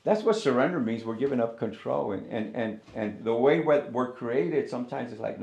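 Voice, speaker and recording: A man's voice: medium pitch, lively intonation, moderate pace, vocal fry, few pauses, darkish tone. Man preaching in an echoey church. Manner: conversational preaching with acted-out inner dialogues; repeats words and restarts often. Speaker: pastor. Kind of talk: sermon.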